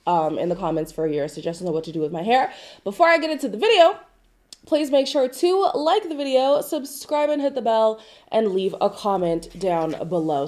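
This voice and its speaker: A woman with a nasal voice from being sick, chatting casually to camera as a gossip vlogger, reading news items aloud with chatty asides. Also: darkish tone. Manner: chatty, asides and hedges, swoops up in pitch for emphasis. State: sick with a stuffy nose.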